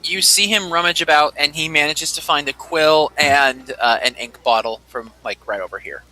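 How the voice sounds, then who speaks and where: A man narrating as game master, animated and chuckling, with a lot of "kind of" as he sets scenes. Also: fairly high pitch, normal speed, poor audio.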